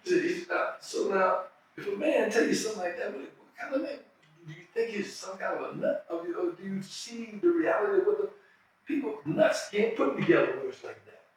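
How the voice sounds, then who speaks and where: A man's voice: sits high, very animated, moderate pace, far from the mic, slight background noise. An older man being interviewed, telling stories earnestly and restarting his phrases as he goes. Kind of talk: reflective storytelling. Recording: very echoey room, off-mic.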